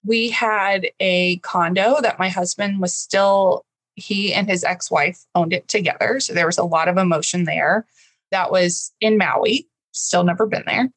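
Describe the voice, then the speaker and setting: A woman's voice: lowish voice, steady tone, measured pace, fairly bright tone, no echo, rough recording. A woman in her thirties from Texas, a guest telling an emotional, earnest personal story in an interview.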